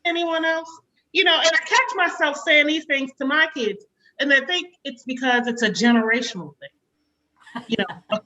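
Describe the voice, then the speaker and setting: A woman in her forties doing a chatty stand-up comedy set over a video call, slipping into sharp quotes of a stern mother. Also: high-pitched, moderate pace, poor audio. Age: 40s.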